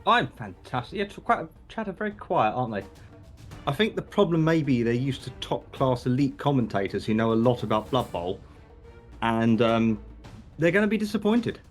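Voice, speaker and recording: A man's voice: mid-range voice, lively intonation, normal speed, soft background music. A man from Britain co-commentating a video game match, dry and teasing, with thoughtful tactical takes.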